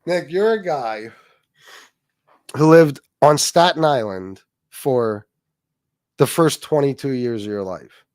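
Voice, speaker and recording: A man hosts a livestream and comments on clips with scornful, mocking remarks and the odd laugh. His voice sits at a middle pitch. The room is dry, with no echo. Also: animated, takes it slowly, pauses often, darkish tone. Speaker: livestream host.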